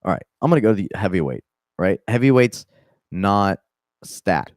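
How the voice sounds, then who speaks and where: A young man with a Southern accent talks casually about fighting news, in loose, profane bursts full of restarts and asides. His voice sits low, and the recording is dry and close. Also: big pitch swings, normal speed, dry recording. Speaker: MMA podcast host. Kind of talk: casual commentary.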